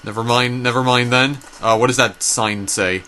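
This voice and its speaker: A man's voice: mid-range voice, fairly even intonation, moderate pace, sharp tone, a little hiss or hum. A man playing through a story game, reading its text aloud and adding casual remarks, often tripping over names. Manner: reads dialogue aloud, stumbles over names. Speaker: gameplay narrator.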